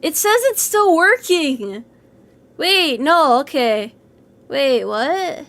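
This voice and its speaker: High-voiced woman rambling while streaming. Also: very animated, drawn-out words, a bit bright. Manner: rambling, self-deprecating jokes, nervous laughs. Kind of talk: casual game livestream chat.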